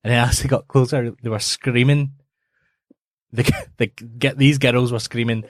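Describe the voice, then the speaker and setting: A man tells a story against himself, pausing on fillers and sounding sheepish about it. His voice sits at a middling pitch and is recorded dry and close. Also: steady tone, no room sound. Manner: self-deprecating, hesitant storyteller. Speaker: podcast co-host. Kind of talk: casual comedic chat.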